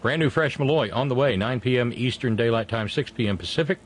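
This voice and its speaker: A middle-aged man hosting a talk show, speaking earnestly and haltingly with frequent restarts as he thanks his guest and listeners. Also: mid-range voice. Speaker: radio show host. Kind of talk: casual on-air chat and sign-off.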